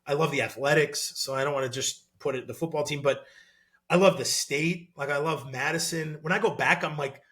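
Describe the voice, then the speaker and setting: A man in his thirties, a former college football player, talking as a podcast guest in an animated, excitable way with lots of fillers. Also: a little high, a little fast. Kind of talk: casual podcast interview.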